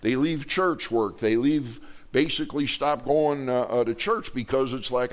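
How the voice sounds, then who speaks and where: A male pastor preaching from the pulpit in a middle-pitched voice. He talks in a loose, conversational way, stumbling over his words and restarting them. He slips jokes to the congregation between points. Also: moderate pace. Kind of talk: sermon. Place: church sanctuary.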